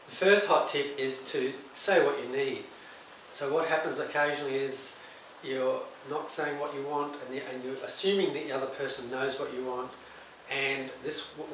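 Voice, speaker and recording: A man's voice: medium pitch, fairly bright tone, far from the mic. A middle-aged male counsellor gives relationship advice straight to camera in a plain, conversational way, now and then acting out short exchanges. His voice sits in the middle range and carries a strong room echo. The mic is set back from him, and a faint hiss runs underneath. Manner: plain, conversational, acts out short example dialogues. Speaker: counsellor and psychotherapist. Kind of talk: direct-to-camera advice talk.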